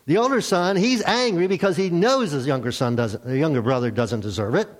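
A man preaching a sermon, telling a story with lively acted-out voices. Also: fairly high pitch, fairly quick. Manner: animated storytelling, acts out characters. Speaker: pastor.

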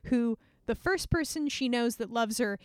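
Woman, casual book chat, enthusiastic, higher voice, dry sound. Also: moderate pace, a little mellow, smooth, dry recording. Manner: gushing, enthusiastic, lots of "like". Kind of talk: casual chat about books.

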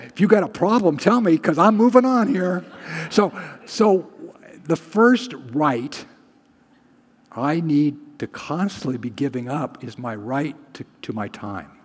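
A male pastor preaching in a relaxed, conversational way and often putting questions to his listeners. His voice is a little husky, with a long reverb trailing after his words as in a large hall. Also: on the high side. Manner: conversational, asks the congregation questions. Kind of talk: sermon.

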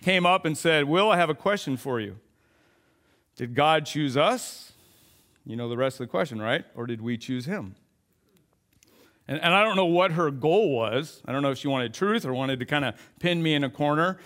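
A young adult man, a pastor, telling a comic story in an animated sermon. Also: on the high side, normal speed.

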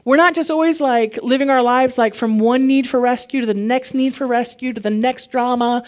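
A woman preaching a casual, conversational sermon, animated and chatty, her voice climbing when she gets fired up. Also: a little high, moderate pace, hardly any pauses.

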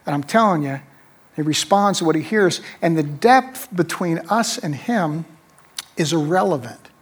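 A man's voice: a little high, lively intonation, normal speed, breathy edge. A middle-aged man preaching a sermon to a congregation. He tells a story in a conversational way, repeats his key phrases and keeps checking in with "right?". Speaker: pastor.

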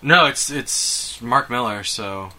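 Very bright-voiced man, measured chat. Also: medium pitch, lively intonation. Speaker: podcast co-host. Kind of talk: casual chat.

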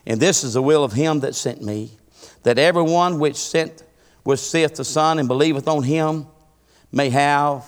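A man preaching a sermon, swinging from hushed murmurs to fervent, rising cadences. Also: mid-range voice. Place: church. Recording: music behind, long hall reverb.

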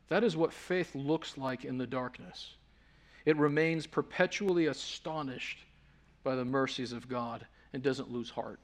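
A man's voice: mid-range voice, unhurried. A man preaching a sermon as pastor, earnest and emphatic, posing rhetorical questions.

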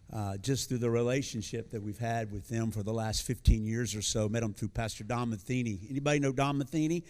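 A man's voice: medium pitch, darkish tone. An American man in his sixties, a visiting pastor giving a live sermon to a congregation, talking in a folksy, joking way with many fillers and restarts. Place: church before a congregation.

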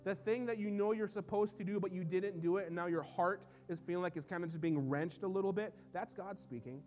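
Guy pastor preaching in church, high voice, goes quiet then loud, faint band music under it. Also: brisk. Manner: dynamic preaching, swinging between soft low asides and loud emphatic lines. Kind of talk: sermon. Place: church sanctuary.

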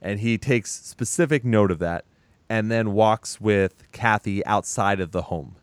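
A man casually retelling a horror movie's plot as a podcast co-host, animated and profane, acting out bits of dialogue. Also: fairly low pitch, measured pace, no room sound. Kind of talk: casual movie recap chat.

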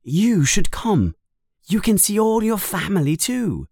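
A man's voice: high-pitched, measured pace, gravelly, no room sound, clean studio sound, pitched above the performer's own voice, exaggerated voice. A man reading a storybook aloud, voicing a young schoolboy wizard in an eager, earnest way. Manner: excited, earnest.

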